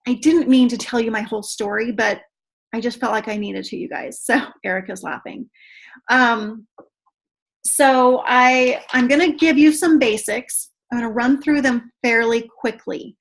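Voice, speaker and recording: Upbeat woman trainer, gushing and talkative on a video call. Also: on the high side. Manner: chatty and excitable, says "you guys" a lot. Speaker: team trainer.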